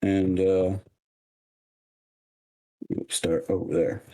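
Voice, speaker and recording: A man streaming from his home kitchen, chatting casually and joking at his own slow cooking. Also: sits low, flat delivery, mellow. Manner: joking, self-mocking, unhurried.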